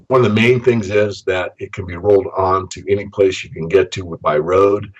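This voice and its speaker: A man, a guest analyst, talking in a measured way with frequent fillers and restarts in a podcast interview. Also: low voice, steady tone, lo-fi sound. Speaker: guest, precious metals analyst.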